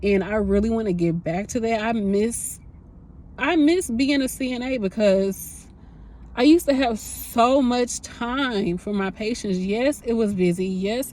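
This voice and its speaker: A woman's voice: on the high side, dark tone, a little hiss or hum. A woman in her thirties, a nurse, talking candidly and emotionally to her phone camera in a rambling, casual way. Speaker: nurse vlogger.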